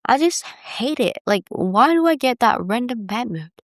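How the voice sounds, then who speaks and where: A woman's voice: a little high, lively intonation, normal speed, no room sound, clean studio sound. A young woman hosting a podcast alone, talking candidly and rambling, filling her sentences with "like". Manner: candid, rambling, heavy use of "like". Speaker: podcast host. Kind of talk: casual solo confessional talk.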